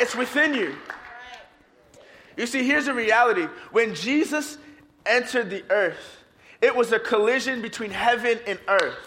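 High-voiced energetic male preacher. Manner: energetic, playful preaching, leads congregation in song. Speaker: pastor. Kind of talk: sermon.

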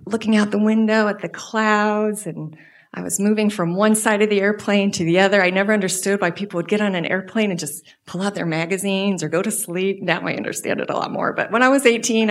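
A middle-aged woman giving a church message as guest speaker, telling a personal story with animated delivery that dips into soft whispers. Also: medium pitch, normal speed.

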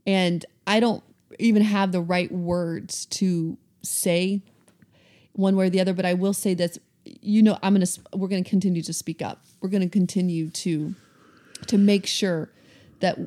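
A woman co-hosting a podcast, answering earnestly and supportively, with some halting restarts as she searches for words. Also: fairly low pitch, steady tone, dark tone. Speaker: podcast co-host. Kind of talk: candid conversation.

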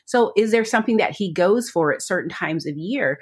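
A woman's voice: mid-range voice, expressive, brisk, breathy edge. A woman co-hosting a podcast in casual chat, talking eagerly and rambling with lots of fillers. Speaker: podcast co-host.

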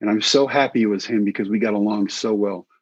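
Husky-voiced man telling stories. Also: lowish voice, fast talker, no room sound. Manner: folksy anecdotes, acting out quoted voices. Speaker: guest, former baseball coach and pitcher. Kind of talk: animated storytelling in an interview. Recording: dull, dry recording.

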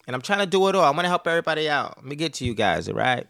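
A man's voice: a little high, sing-song, racing, gravelly, fairly bright tone, no echo, studio quality. A man in his thirties hosting a podcast, rambling casually and profanely about family life, laughing often. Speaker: podcast host.

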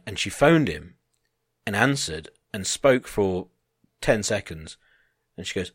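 A man spins a sweary, animated story in casual chat. He slips into quick impressions of the people he met. The sound is dry and close, with no room in it. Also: on the low side, husky, no echo. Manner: animated anecdote-teller, swearing, mimicking others.

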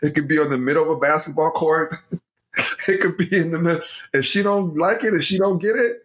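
Animated laughing dad on a podcast. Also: male voice, fairly high pitch, brisk. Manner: animated storytelling, laughs often, addresses listeners as y'all. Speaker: podcast co-host, father. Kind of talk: casual family podcast chat.

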